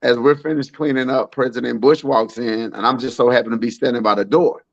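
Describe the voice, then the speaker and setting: Laid-back chef, lo-fi sound. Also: male voice, medium pitch, brisk, gravelly, no echo. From Alabama, US. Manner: laid-back, relaxed storyteller. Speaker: private chef, guest. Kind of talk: casual storytelling chat.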